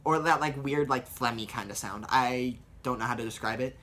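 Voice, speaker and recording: Upbeat teen vlogger, rambling casual tutorial, mid-pitched. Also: male voice, fairly quick, pushed and bright. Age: late teens. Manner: rambling, upbeat, many fillers. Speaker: vlogger doing voice impressions.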